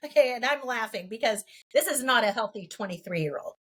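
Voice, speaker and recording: A woman in her fifties from California, a podcast guest telling a personal story in an earnest, halting way and laughing between thoughts. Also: on the high side, expressive, husky. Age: 50s.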